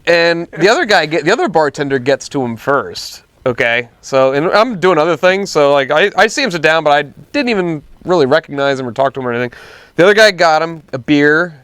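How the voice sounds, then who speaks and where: A man's voice: a little high, brisk, clear, resonant tone, dry recording. A man telling a work story in casual chat, acting out the people in it. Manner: animated storyteller acting out quotes. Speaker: podcast co-host.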